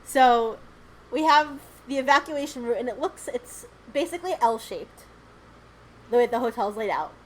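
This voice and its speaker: A woman's slightly high, animated voice moves at normal speed through a rough recording with a little hiss or hum. She's a podcast co-host telling rambling stories in casual conversation, with frequent "um" and "like" and free swearing.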